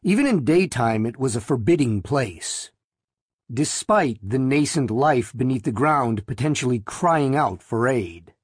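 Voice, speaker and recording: Slow, deliberate male audiobook narrator. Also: medium pitch, lively intonation, husky, dry recording, clean studio sound. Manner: measured, deliberate reading.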